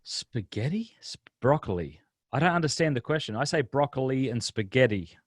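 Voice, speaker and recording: A man, a guest speaker on a video-call webinar, telling stories in a lively, casual way with quick restarts. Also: mid-range voice, no room sound, studio quality. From Australia. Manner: lively storyteller, frequent restarts. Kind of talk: casual interview chat.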